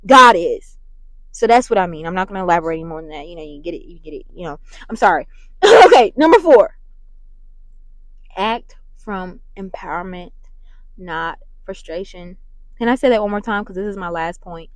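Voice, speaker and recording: A woman hosting a faith-based motivational talk, animated and preachy, who keeps apologizing and laughing at herself. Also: lowish voice, quick pace, no room sound, poor audio. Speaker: podcast host and mentor.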